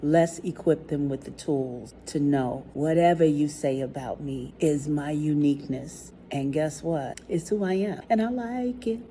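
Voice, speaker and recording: A woman's voice: low-pitched, a little slow, few pauses, a little hiss or hum. A woman, a kid life coach telling stories casually and acting out the voices of the people in them. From Chicago. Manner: animated storytelling, acts out quoted voices. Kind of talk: casual talk to camera.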